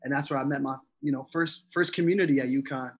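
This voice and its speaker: A man's voice: mid-range voice, steady tone, fast talker. A young man from Connecticut, a podcast guest, talking casually and enthusiastically with many fillers. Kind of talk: casual interview chat.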